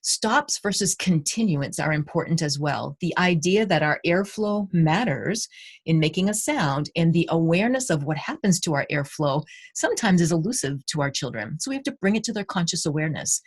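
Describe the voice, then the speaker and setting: A literacy educator with a low, husky voice gives a recorded conference presentation. She explains and guides listeners through speech-sound exercises.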